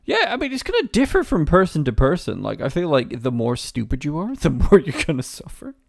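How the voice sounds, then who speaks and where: Male game streamer, casual commentary, gravelly, sweary rants. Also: a little high, huge pitch swings, fairly quick, no echo, clean studio sound. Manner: chatty, sweary, ranting asides.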